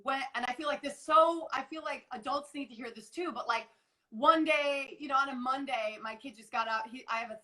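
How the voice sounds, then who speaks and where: A woman's voice: high voice, fairly quick, pushed and bright, low-quality recording. A woman in her forties, a guest coach, chatting earnestly on a video call, rambling with restarts and quoting herself. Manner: earnest, rambling, many restarts and acted quotes. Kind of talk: casual live interview chat.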